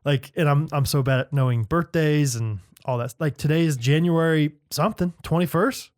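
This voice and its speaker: A man's voice: on the high side, moderate pace, darkish tone, no room sound, studio quality. A man co-hosting a podcast in casual chat, playful and teasing, laughing easily. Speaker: podcast co-host.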